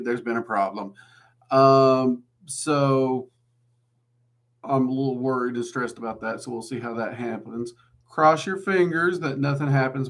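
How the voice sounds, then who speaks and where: A man's voice: medium pitch, fairly bright tone. A man with a Southern twang, hosting a casual livestream Q&A and chatting loosely with lots of "um"s. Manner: chatty and rambling, with many "um"s. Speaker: livestream host answering viewer questions.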